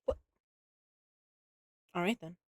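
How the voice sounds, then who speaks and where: A woman's voice: slow pace, slight background noise. Chatty woman reading a novel aloud. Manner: chatty, swears, laughs, talks to her pets. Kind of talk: casual reading and chat.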